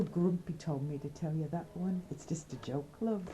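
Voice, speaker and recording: A woman's voice: deep voice, moderate pace, hardly any pauses, background noise. An Australian woman chatting in a rambling, cheeky way and brainstorming bawdy comedy skits. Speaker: comedy skit presenter. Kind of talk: casual comedic chat.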